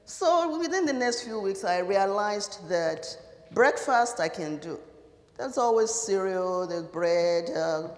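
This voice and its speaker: Woman, personal storytelling talk, animated with fillers, mid pitch, echoey hall with long reverb. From Nigeria. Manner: animated, with hesitant uh fillers and restarts. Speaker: speaker.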